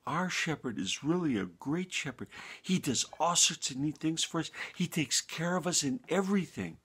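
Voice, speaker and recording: A man voicing a friendly young male sheep in a gentle, earnest tone for a bedtime story. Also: fairly high pitch, lively intonation, normal speed, husky, pitched above the performer's own voice. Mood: sympathetic.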